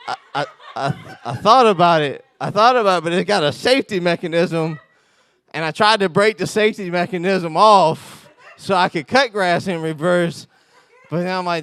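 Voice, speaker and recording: Lively storytelling man preaching, dry close sound. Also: sits high, normal speed, clean tone, no room sound. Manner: chatty storytelling with self-mocking humor and laughs. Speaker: pastor. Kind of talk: conversational sermon.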